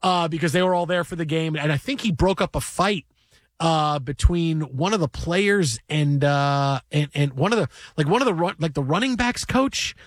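A higher-pitched man hosts sports radio, spinning a game-day story and slipping into voices of the people in it. He talks loosely and with energy from a dry studio. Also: moderate pace, dry recording. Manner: animated storyteller, acts out voices in his anecdotes. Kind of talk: casual sports talk storytelling.

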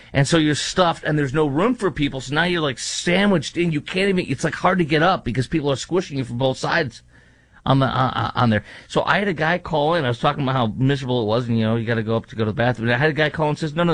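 A man's voice: mid-range voice, no echo. A man hosting a talk show, giving political commentary with sarcastic, mocking asides.

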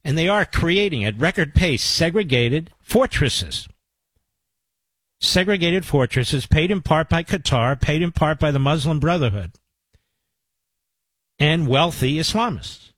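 A man's voice: fairly high pitch, husky, no echo, low-quality recording. A man hosting a talk radio show, speaking emphatically and piling up repeated phrases for force. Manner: emphatic, forceful, building in repetition. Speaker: radio host.

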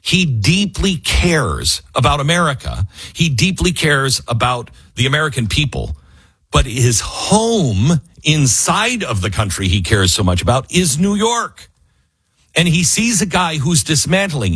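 A man hosting opinionated political talk radio, emphatic and animated, who mockingly acts out what others say. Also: on the high side, unhurried, breathy edge, dry recording.

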